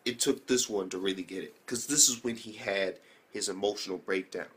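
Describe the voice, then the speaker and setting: A man's voice: on the low side, a little fast, a bit bright, slightly rough. A young man casually recapping an anime episode, rambling with slang, swearing and many fillers. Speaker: anime reviewer.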